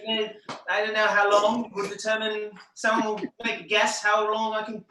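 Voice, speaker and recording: A man's voice: high voice, level tone, moderate pace, background noise, pitched above the performer's own voice, close to an everyday voice. A man putting on a brash male stage escapologist with an over-the-top fake English accent, delivered as showy stage patter over a video call. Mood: showman patter. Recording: roomy echo, distant from mic.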